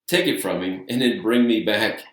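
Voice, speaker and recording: A man co-hosting a podcast, telling excited, animated stories in casual chat. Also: on the low side, moderate pace. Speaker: podcast co-host. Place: podcast studio. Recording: roomy and distant from mic.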